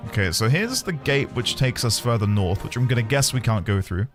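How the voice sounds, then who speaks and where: A man's voice: medium pitch, expressive, a little fast, faint music behind. A man streaming gameplay, casual and self-mocking, joking with his viewers.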